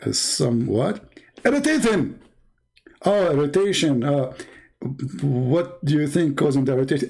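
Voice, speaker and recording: Dry, hesitant man questioning deadpan. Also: a little high, measured pace, vocal fry, pauses often, breathy edge, low-quality recording. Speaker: host. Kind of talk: comic sketch, deadpan questioning.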